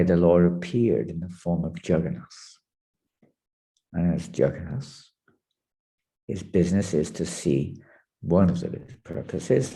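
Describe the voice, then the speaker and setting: A man teaching a spiritual class, telling a sacred story in a vivid, animated manner. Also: deep voice.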